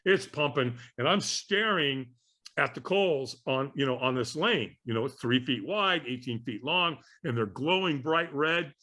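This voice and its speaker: A man telling an animated story as a guest on an interview podcast, acting out the voices of people in it. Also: medium pitch, measured pace.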